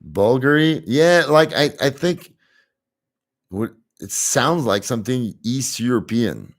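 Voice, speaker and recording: Slow-talking man. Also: mid-range voice, lively intonation. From Montreal, Canada. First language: French. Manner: chatty, answers viewer comments, laughs easily. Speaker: live-stream host. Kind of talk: casual live-stream chat.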